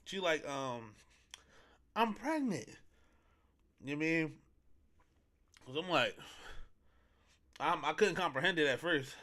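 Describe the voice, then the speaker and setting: A young man tells a story in loose, slang-filled talk, wandering and circling back with plenty of fillers. His voice sits a bit high and sounds bright and forceful. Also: unhurried, long pauses. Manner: slangy, rambling, with many fillers. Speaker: podcast host. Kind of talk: casual storytelling.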